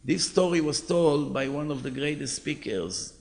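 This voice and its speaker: A rabbi tells a moral story to his listeners, animated and lively. His voice sits fairly high for a man, with a gravelly, fry-laced texture. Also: moderate pace. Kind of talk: storytelling sermon.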